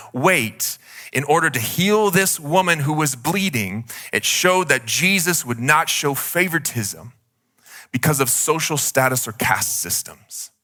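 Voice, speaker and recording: Bright-voiced male pastor preaching casually. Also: fairly high pitch. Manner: conversational, heavy use of "like". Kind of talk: sermon.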